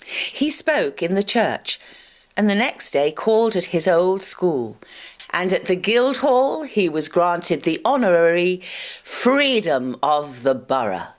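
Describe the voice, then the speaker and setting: A woman narrating a local history documentary in a measured, storytelling way. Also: fairly low pitch, very animated.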